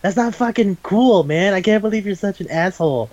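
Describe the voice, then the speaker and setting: A man voicing an indignant male villain leader in a higher, complaining tone. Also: normal speed, no echo, lo-fi sound, lightly acted.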